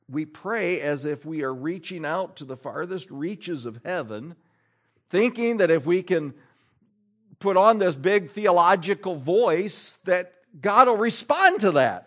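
Lively preaching man, pastor. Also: sits high. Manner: animated preaching with rhetorical questions and repetition. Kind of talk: sermon. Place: church.

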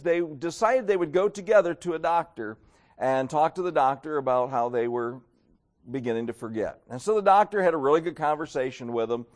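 A middle-aged man preaching a sermon, telling folksy stories with acted-out quotes. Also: on the high side. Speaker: pastor.

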